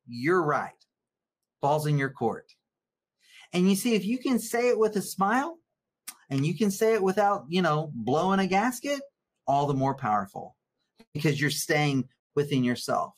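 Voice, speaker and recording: Earnest male therapist lecturing in a webinar, animated, restarts words when worked up. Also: on the high side, normal speed. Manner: reads viewer comments aloud.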